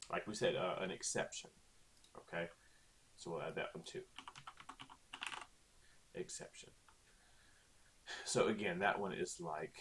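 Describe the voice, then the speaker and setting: A man teaching a recorded Spanish lesson in a chatty way, often checking in with "okay?". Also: deep voice.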